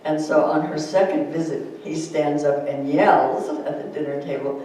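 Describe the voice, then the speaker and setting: A woman's voice: low-pitched, normal speed, background noise. Chatty woman talking in an echoey room. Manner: gentle and chatty, laughs often at her own stories. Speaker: speaker giving a spiritual thought. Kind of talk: informal talk to a group, reading a quote aloud. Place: room with a small audience. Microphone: distant room mic. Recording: echoey room recorded from far off.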